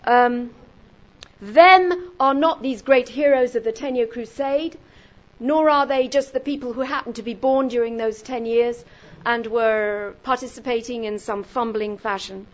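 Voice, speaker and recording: A woman's voice: on the high side, measured pace, highs cut off. A woman giving an emphatic lecture on a written text, building intensity as she works through lists of words.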